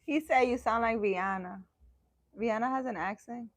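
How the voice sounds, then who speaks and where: A woman's voice: fairly high pitch, moderate pace, dry recording. A woman hosting a casual livestream, chatting with viewers in a playful, teasing way. She speaks emphatically and laughs often. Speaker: livestream host answering viewers.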